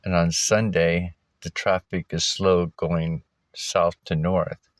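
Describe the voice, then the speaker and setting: A man's voice: low-pitched, flat delivery, takes it slowly, dry recording. A man vlogging from a park, talking in a loose, rambling way with fillers and chuckles. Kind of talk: casual rambling vlog. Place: outdoors at a park.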